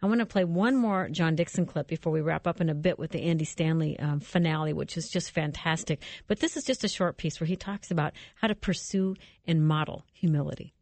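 A woman with a lowish voice hosts a devotional talk show, earnest and reflective. She is recorded close and dry, with no room sound. She sets up each clip before it plays. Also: fairly quick, few pauses, a little mellow, dry recording. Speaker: host.

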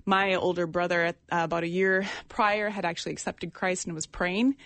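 A woman in her forties telling her personal testimony in an interview, earnest and halting, with many fillers. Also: on the low side, fairly even intonation, fairly bright tone, dry recording. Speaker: ministry guest sharing testimony.

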